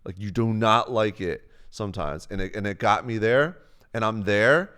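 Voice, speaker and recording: Young male streamer, low smooth voice, rambling profane storyteller. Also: moderate pace, a bit bright. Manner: rambling, profane, acts out quotes in a raised voice. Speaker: live streamer. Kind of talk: casual storytelling on a live stream.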